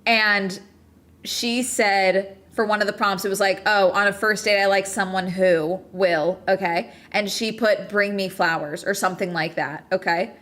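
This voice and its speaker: A woman's voice: medium pitch, steady tone, unhurried, fairly bright tone. A woman streamer ranting in casual chat, emphatic and full of swearing. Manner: profane, emphatic, exasperated.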